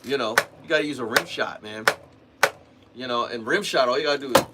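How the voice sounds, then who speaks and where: Heavy background noise surrounds this medium-pitched male voice, which moves a little fast. As a livestream host, he chats casually about drumming in a teaching way, wandering off track, restarting sentences, and peppering in "man" and "you know."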